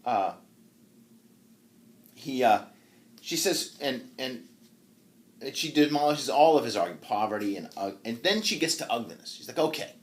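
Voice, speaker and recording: A man's voice: mid-range voice, lively intonation, moderate pace, long pauses. A man giving a university literature lecture who retells a story with animation, acts it out, and laughs often. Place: classroom.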